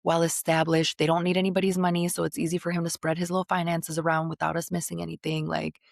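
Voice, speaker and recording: A woman in her thirties tells a story in a casual chat, gravelly in tone. She is blunt and profane and slips into the voices of the people she quotes. The sound is close and dry. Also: on the low side, flat delivery, fast, dry recording. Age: 30s.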